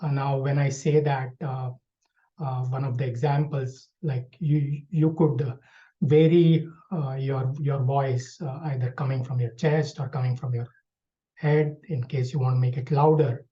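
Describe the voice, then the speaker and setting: A man's voice: medium pitch, little pitch movement, unhurried. Hesitant man giving a speech evaluation. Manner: hesitant, many fillers and restarts. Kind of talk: online club speech evaluation. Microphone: video call. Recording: dull lo-fi video call audio.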